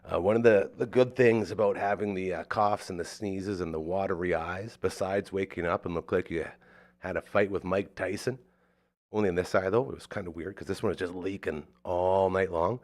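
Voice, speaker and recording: Male podcast host, lowish voice, congested and sick-sounding, rambling, joking, filler words. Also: fairly even intonation, moderate pace. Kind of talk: casual chat.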